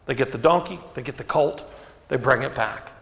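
A man preaching a sermon as pastor, asking rhetorical questions and dropping to quiet emphasis. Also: mid-range voice, moderate pace, creaky. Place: church sanctuary. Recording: echoey hall reverb.

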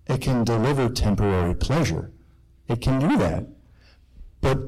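A middle-aged man, a priest, telling his life story to a room of students in an animated, self-deprecating way that swings between loud and hushed. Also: mid-range voice, poor audio. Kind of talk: personal testimony talk to students.

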